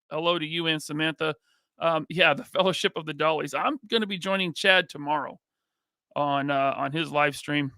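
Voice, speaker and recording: A man's voice: sits high, bright, forceful tone, dry recording, clean studio sound. A man hosting a live podcast, greeting chat members by name in a casual, upbeat way. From United States. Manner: reads out chat names with quick greetings. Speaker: podcast host.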